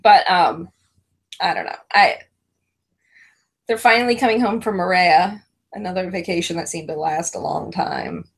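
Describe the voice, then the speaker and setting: A woman's voice: lowish voice, normal speed, pauses often, husky. A middle-aged woman co-hosting a casual chat about reality TV, telling stories with lots of laughter. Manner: giggly, animated storytelling. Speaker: co-host.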